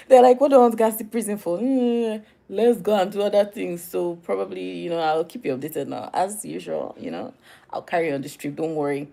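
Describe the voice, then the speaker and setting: A young woman from Nigeria with a Nigerian accent, talking casually in a diary vlog, chatty and animated, laughing often. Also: on the low side, creaky. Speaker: vlogger.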